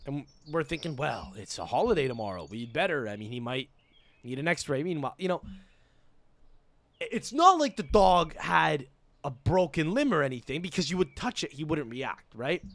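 A young man hosting a podcast, telling a story in an excitable, profane rant. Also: on the high side, moderate pace, no room sound. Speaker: podcast host. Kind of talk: casual rant.

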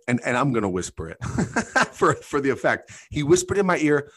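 Animated, laughing man hosting a podcast. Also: a little high, moderate pace, breathy edge. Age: adult. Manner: loose, profane, laughing, animated storytelling. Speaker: podcast host. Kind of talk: casual comedic chat.

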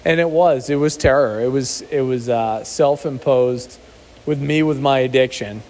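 A man's voice: medium pitch, moderate pace, a little mellow. A man co-hosting a casual podcast, speaking candidly and reflectively, sometimes searching for words. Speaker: podcast co-host. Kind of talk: casual recovery podcast chat.

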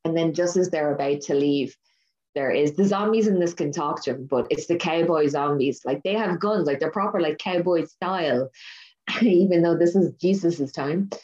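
A woman with a low, dark voice retells a film in animated, casual chat. She laughs a lot. The recording is dull and lo-fi. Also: moderate pace. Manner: animated storyteller, laughs often.

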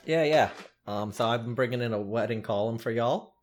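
A man's voice: mid-range voice, a little fast. A man co-hosting a casual podcast, teasing his guests in conversation. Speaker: podcast co-host. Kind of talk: casual podcast chat and reading a letter aloud.

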